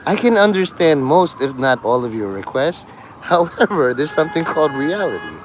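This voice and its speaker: A man's voice: a little high, very animated, normal speed, noisy background. A man rambling to his livestream chat, swearing, joking and laughing often.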